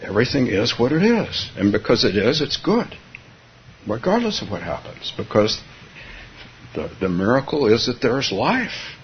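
The speaker, a Zen teacher from California, delivers a dharma talk full of chuckles and restarts as he thinks out loud. His mid-range voice swoops wildly in pitch at a moderate pace, with slight background noise on a dull lo-fi recording.

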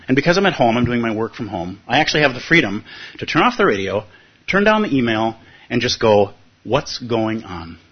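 A man with a husky voice giving a reflective teaching talk, telling a personal story and often checking in with his listeners. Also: medium pitch. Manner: thoughtful, often checks in with "right?". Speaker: meditation teacher. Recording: dull lo-fi recording.

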